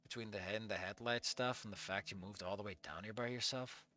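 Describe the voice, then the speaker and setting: A streamer voicing a hushed brooding schoolboy. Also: fast talker. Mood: hushed, prying. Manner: low, hushed, probing delivery. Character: brooding perceptive young male student.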